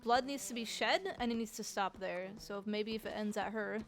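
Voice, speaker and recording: A woman's voice: medium pitch, a little fast, soft background music. A woman streamer chatting casually with her viewers about her role-play character, swearing freely. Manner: chatty, swears, talks to chat.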